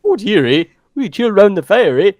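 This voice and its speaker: Joke Canadian drawl, raised pitch, a man doing it, playful and exaggerated. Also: big pitch swings, moderate pace, darkish tone, dry recording, clean studio sound. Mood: joking. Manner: exaggerated put-on accent, tagging every line with 'eh'. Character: joking mock Canadian man, lazy drawl.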